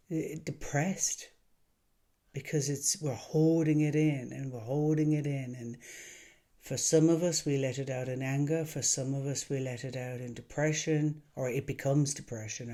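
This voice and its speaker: A man who works as an emotional wellness coach, talking to camera in a gentle, earnest way with many pauses. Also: fairly high pitch. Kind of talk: calm reflective monologue to camera.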